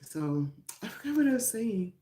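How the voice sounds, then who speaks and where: A woman's voice: fairly high pitch, very animated, moderate pace, mellow. A middle-aged woman hosting a casual live stream on her phone, chatting loosely with viewers and laughing often. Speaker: livestream host. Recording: roomy echo.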